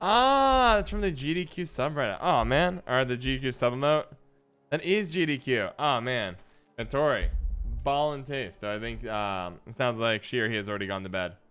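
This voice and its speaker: A man's voice: mid-range voice, moderate pace, a bit bright, clean tone. A man streaming a card game, chatting playfully with his viewers and answering chat as he plays. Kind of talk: casual live-stream gameplay commentary.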